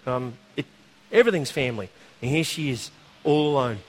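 A man preaching a sermon, telling a story in a conversational, animated way with asides. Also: mid-range voice, brisk, slight background noise.

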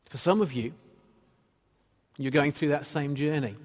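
A man's voice: a little high, unhurried, slightly rough, in a large hall. A man preaching a sermon as pastor, earnestly reading and explaining scripture.

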